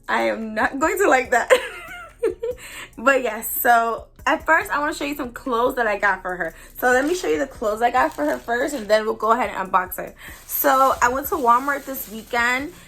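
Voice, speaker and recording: A young woman vlogging an unboxing in a casual, gushing way, full of excited exclamations. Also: fairly high pitch, rough recording. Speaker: doll collector vlogger.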